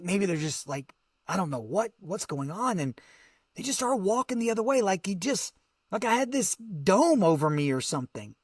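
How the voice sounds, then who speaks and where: Man telling a survival story, dry close sound. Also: no echo. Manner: vivid storytelling, voice dropping low and soft at emotional moments. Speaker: guest.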